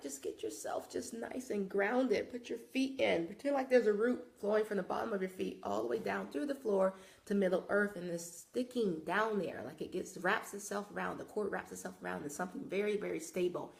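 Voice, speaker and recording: Woman host, casual live yoga instructor, gravelly tone, talks viewers through poses. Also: mid-range voice, fairly quick. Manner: casual, talkative, guiding step by step. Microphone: live broadcast camera mic.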